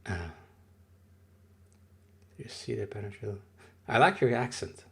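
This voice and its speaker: A man in his thirties with a low, gravelly voice and a husky edge. He is not a native English speaker and rambles casually through a livestream, stopping to read and answer his chat. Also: animated, slow.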